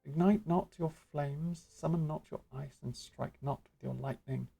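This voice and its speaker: A woman's voice: low-pitched, fairly even intonation, moderate pace, vocal fry, mellow, slightly rough, full character voice. A woman playing a florid, lecturing magic guild master. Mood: grandiose. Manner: florid, archaic, lecturing delivery. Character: grandly theatrical magic guild master mentor.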